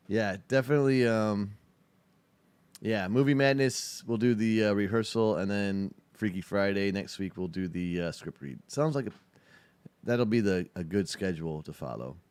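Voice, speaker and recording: A man's voice: fairly low pitch, expressive, unhurried, darkish tone, smooth, dry recording. A man hosting a casual livestream, chatting about a video in a profane, rambling, laid-back way. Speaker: show host.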